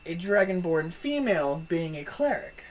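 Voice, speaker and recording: A woman narrating as game master of a tabletop game, quick and full of restarts. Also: on the low side, sing-song, noisy background.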